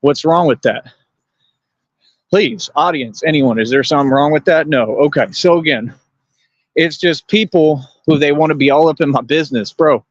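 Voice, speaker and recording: A man's voice: on the high side, normal speed, no echo, highs cut off. A man hosting a livestream, lecturing his viewers in a confrontational, repetitive rant. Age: adult. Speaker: livestream host.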